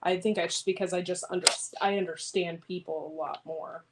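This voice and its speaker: A woman's voice: lowish voice, fairly even intonation, brisk. Chatty woman vlogging, clicky noisy background. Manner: rambling, chatty, answers viewer comments. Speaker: homesteading vlogger. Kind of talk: casual livestream chat. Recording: clear background noise with clicks.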